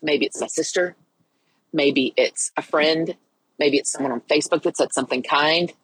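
A middle-aged woman hosts her own personal faith podcast, speaking earnestly at a normal speed in a deep, fairly bright voice. She sounds as though she has been crying and restarts her sentences frequently. The recording quality is low.

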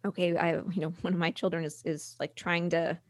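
A middle-aged woman speaking candidly as a guest, halting and restarting, sometimes acting out what others said. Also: lowish voice, flat delivery, no room sound. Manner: candid, halting with restarts, acts out quoted voices. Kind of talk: conversational podcast interview.

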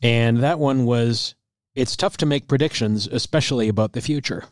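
A man's voice: mid-range voice, moderate pace, dry recording, studio quality. A man co-hosting an investing podcast, laid-back and giving short replies in casual chat. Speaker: podcast co-host, financial advisor.

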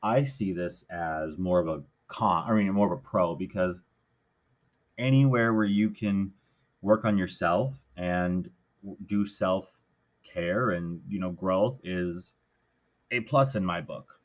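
A man's voice: deep voice, slow. A man hosting a podcast alone, talking in an earnest, rambling way, often correcting himself, with the hiccups. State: has the hiccups. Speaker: podcast host. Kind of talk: casual solo podcast monologue.

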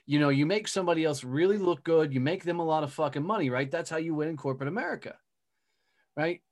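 A man's voice: fairly high pitch, quick pace, darkish tone. A middle-aged man in a casual chat, blunt and punchy, swearing freely as he tells stories. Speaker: guest, speaker and business owner.

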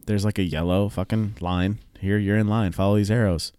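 A man co-hosting a relaxed podcast, spinning anecdotes full of swearing and quick laughs. His voice sits a little low, and the recording is close and dry with no room sound. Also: smooth, dry recording. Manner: profane, storytelling, laughs often. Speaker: podcast co-host. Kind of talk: casual chat.

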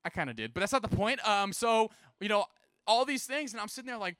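A man's voice: high-pitched, fast talker, dry recording, studio quality. A young man preaching a casual sermon, telling a personal story and acting out the people in it. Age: young adult. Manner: animated, casual, acts out quoted voices. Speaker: youth preacher.

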